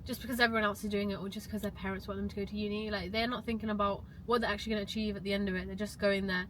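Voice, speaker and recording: A woman hosting a casual podcast, asking quick, chatty questions. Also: mid-range voice, flat delivery, fairly bright tone, poor audio. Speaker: host. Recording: faint background hiss.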